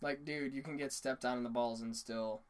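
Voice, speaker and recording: Profane, excitable young man chatting. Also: mid-range voice, normal speed, smooth. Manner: enthusiastic, profane, laughs often, breaks into impressions. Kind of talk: casual chat.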